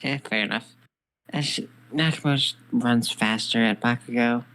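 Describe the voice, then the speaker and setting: A man casually co-narrating a fan story, relaxed and affirming his partner often. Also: mid-range voice, normal speed, low-quality recording. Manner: relaxed, affirming with frequent mm-hmms.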